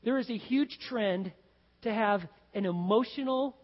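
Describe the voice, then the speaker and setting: A male pastor delivers a sermon in a high-pitched voice, animated and at times building to excited shouts. The sound is dull and muffled, carrying a long reverb from the church sanctuary. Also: measured pace.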